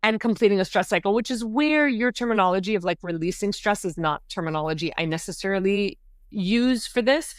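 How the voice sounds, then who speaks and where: A middle-aged woman, a podcast guest, telling a story in a casual, animated way, often saying "like" and jumping high when she acts out quotes. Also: brisk, no echo, clean studio sound. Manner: animated, says "like" often, jumps to high pitch acting out quotes.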